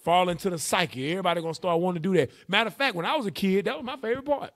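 A man teaching a Bible class in a lively, playful preaching style, drawing responses from the room. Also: high voice, rapid-fire. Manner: animated, playful, calls on readers with "go ahead".

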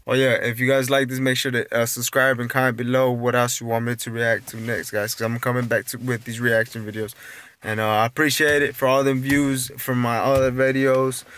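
A man's voice: mid-range voice, little pitch movement, fairly quick, a bit bright, a little hiss or hum. A young man hosting a reaction vlog, chatting loosely with lots of fillers, recorded on a phone indoors. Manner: rambling, loose and apologetic with many fillers. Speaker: reaction video host. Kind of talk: casual vlog chat.

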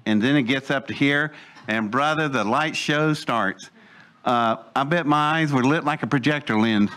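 A man's voice: medium pitch, fairly bright tone. A man telling a personal story in casual speech, acting out the voices he quotes and laughing as he goes. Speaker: storyteller recounting his own experience.

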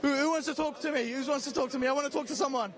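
A man's voice: very high-pitched, very fast. Man hyping a huge outdoor crowd. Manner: energetic crowd hype. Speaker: event presenter. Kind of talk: live outdoor event coverage. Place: outdoors at a large crowded event.

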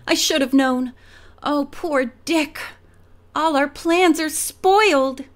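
A woman's voice: high voice, animated, measured pace, a bit bright. A woman reading the part of an earnest, emotional young woman in an audiobook. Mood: upset. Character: young woman, inn owner, emotional and loyal.

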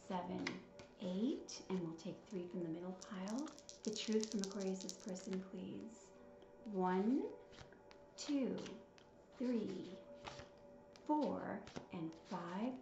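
A woman giving a tarot reading, counting out cards and musing aloud as she reads their messages with feeling. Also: fairly low pitch. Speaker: tarot reader. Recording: slightly dull, roomy sound with soft music. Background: soft background music.

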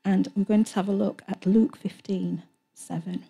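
A woman presenting a Christian TV programme, speaking in a gentle, earnest devotional way between hymns, soft-spoken and sometimes hesitant as she searches for words. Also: medium pitch, level tone, normal speed, vocal fry, slightly rough. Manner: soft-spoken, earnest, often trailing into a hush.

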